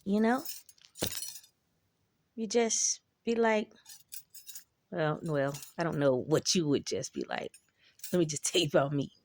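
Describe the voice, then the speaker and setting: A woman's voice: low-pitched, lively intonation, measured pace, long pauses, a little mellow. A woman in a casual monologue, talking bluntly and with plenty of profanity as she reflects on her own life. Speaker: vlogger.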